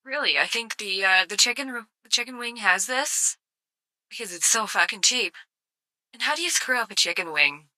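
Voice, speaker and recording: A woman's voice: fairly high pitch, expressive, moderate pace, pushed and bright, dry recording. A woman live-streaming casual commentary, sarcastic and swearing freely with mock outrage.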